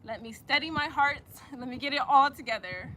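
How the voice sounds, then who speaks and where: Woman yoga teacher, high bright voice, chatty and encouraging, outdoors with faint ambience. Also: normal speed, slight background noise. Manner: chatty, encouraging, says y'all a lot. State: out of breath at times. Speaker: yoga instructor. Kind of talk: guiding a yoga practice. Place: outdoors in the sun.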